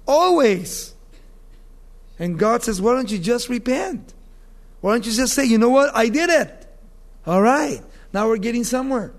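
A man preaching a sermon with emphatic delivery, slowing down to read scripture and acting out the voices of the people he quotes. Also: very high-pitched. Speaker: pastor.

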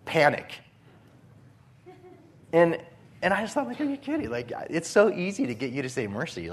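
A pastor preaches a sermon full of stories, delivering them in a lively, animated way and acting out his own panic. His voice is a little high with a breathy edge, moving at normal speed with long pauses.

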